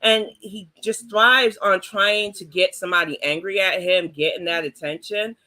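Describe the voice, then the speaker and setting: Blunt, bright-voiced New woman. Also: mid-range voice, moderate pace. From New York. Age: middle-aged. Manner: blunt and outspoken. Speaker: panelist. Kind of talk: casual panel chat.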